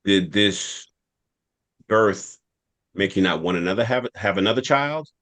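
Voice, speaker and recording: A man co-hosting a podcast, relaxed and frank as he asks questions and talks about himself. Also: fairly low pitch, measured pace, no room sound. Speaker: podcast co-host. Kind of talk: casual podcast chat.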